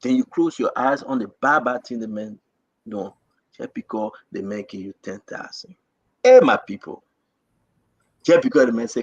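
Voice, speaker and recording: A man's voice: medium pitch, moderate pace, pauses often, breathy edge, no echo, muffled recording. A man with a Liberian accent hosting a livestream, giving an impassioned political address to his online viewers with rousing, repetitive rallying cries. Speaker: livestream host.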